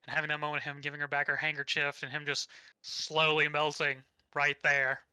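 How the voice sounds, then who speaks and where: Young dude recapping anime, super bright voice, swears a lot, dry close mic. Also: male voice, a little high, monotone, brisk, smooth, no room sound, low-quality recording. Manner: rambling, swears casually, acts out quotes. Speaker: podcast co-host. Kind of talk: casual anime recap chat.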